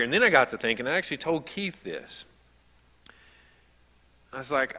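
A man's voice: medium pitch, big pitch swings, moderate pace, pauses often, bright, forceful tone, in a large hall. A man preaching a sermon as pastor, telling stories in a conversational way that builds to emphatic. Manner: conversational storytelling, rising to emphatic. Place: church sanctuary.

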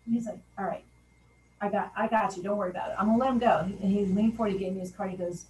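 A woman's voice: mid-range voice, very fast, warm tone. Woman in her fifties telling her story. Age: 50s. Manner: candid storytelling, acts out quoted lines. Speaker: sociology professor. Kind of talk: personal testimony. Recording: roomy echo from a distant mic, faint background noise.

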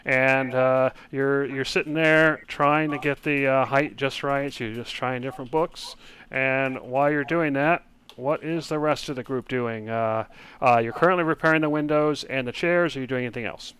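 A man's voice: mid-range voice, fairly even intonation, moderate pace, fairly bright tone, slight background noise. A man narrating a tabletop game as game master, hesitant and full of fillers, over online voice chat.

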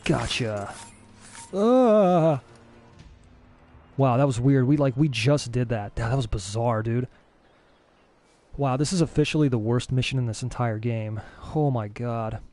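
A young man giving casual let's-play commentary as a gaming streamer, excitable and easily frustrated. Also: mid-range voice, moderate pace, faint music behind. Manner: excitable, frustrated, swears mildly.

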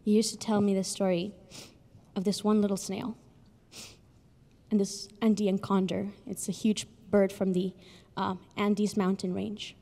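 A young woman giving an emotional graduation speech, telling a story earnestly with pauses, recorded in a large ceremony hall with long reverb. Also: medium pitch, level tone, creaky. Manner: earnest, pausing, with soft laughs. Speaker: graduation speaker.

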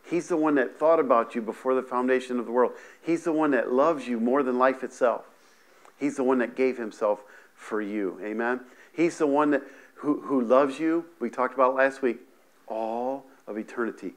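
A man's voice: medium pitch, moderate pace. A man preaching a sermon from a living room to a camera, often restarting his sentences and checking in with "amen" and "right". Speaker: pastor. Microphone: camera in front of him, seated on a stool.

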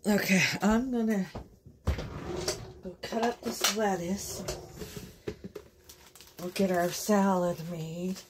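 A woman's voice: mid-range voice, fairly even intonation, slow pace, pauses often. A woman hosting a casual home vlog at a cottage, chatting straight to her viewers. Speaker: vlogger. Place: family cottage. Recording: noisy home video recording.

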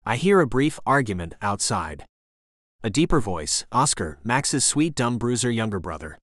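A man narrating a first-person romance thriller audiobook in a dramatic, expressive style. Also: medium pitch, moderate pace, no echo, studio quality.

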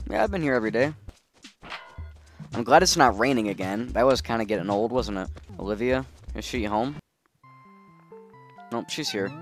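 A man's voice: medium pitch, normal speed, long pauses, soft background music. Easygoing man chatting over gameplay. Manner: relaxed and chatty, thinking out loud. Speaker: gaming video host. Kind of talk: casual gameplay commentary.

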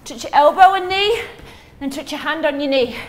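A woman's voice: high voice, animated, normal speed, slight background noise. A woman fitness instructor coaching a workout while doing it herself, counting reps and calling out moves, a little out of breath.

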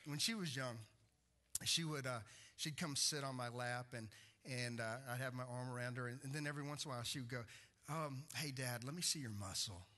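A pastor preaches a conversational sermon packed with stories, restarting himself again and again. His medium-pitched voice is brisk and sharp-toned, with fairly even intonation.

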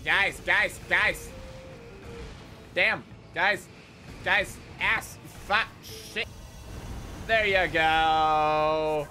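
A man's voice: sits high, takes it slowly, faint music behind. A man streaming video games, commenting live, swearing often and slipping into silly voices. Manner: excitable, swears a lot, jumps into silly put-on voices.

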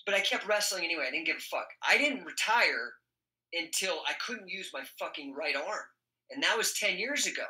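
A man's voice: high-pitched, a little fast. A middle-aged man telling a story in casual talk, swearing constantly and laughing as he goes. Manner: profane, animated, laughs often. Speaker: podcast guest. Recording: roomy echo.

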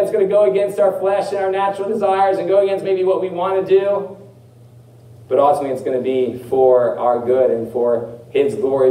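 A man preaching a sermon as pastor, earnest, repeating phrases and slowing down on key words. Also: medium pitch, dark tone, echoey room, far from the mic, rough recording.

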